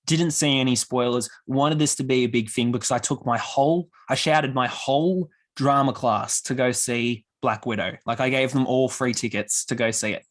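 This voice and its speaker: A young man, hosting a casual podcast chat and retelling stories with lively quoted voices. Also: mid-range voice, normal speed, few pauses. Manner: animated storyteller, acts out quoted voices. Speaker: podcast host.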